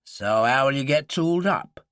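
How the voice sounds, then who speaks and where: Cocky young gangster, read by a male narrator, lively and sharp. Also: medium pitch, moderate pace, no echo, studio quality, lightly acted. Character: cocky young London gangster who quotes philosophy.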